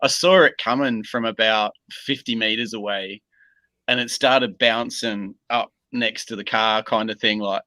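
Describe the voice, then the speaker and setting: An Australian man, a guest in a casual video-call interview, talking in a laid-back, unhurried way with plenty of pauses and ums. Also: lowish voice, fairly even intonation, sharp tone, no echo, low-quality recording.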